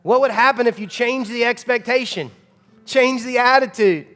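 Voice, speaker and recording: A man's voice: very high-pitched, moderate pace, a bit bright, big-room sound, faint music behind. A man in his thirties preaching a sermon as pastor, emphatic and conversational, with frequent rhetorical questions to the congregation. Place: church auditorium.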